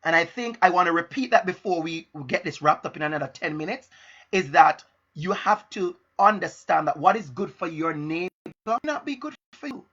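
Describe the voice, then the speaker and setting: Bright-voiced man, deliberate and emphatic. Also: a little high, lively intonation, dull audio. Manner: deliberate, emphatic, repeats key phrases. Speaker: educator and motivational speaker. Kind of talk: live-streamed motivational talk. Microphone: laptop and phone.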